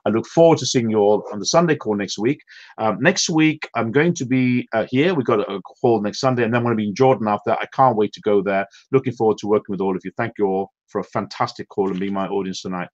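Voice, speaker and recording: A British man with a fairly low voice hosts a motivational team call online, speaking fast and heaping on praise while sounding emotional and worn out. The audio is dull and comes through as online call sound.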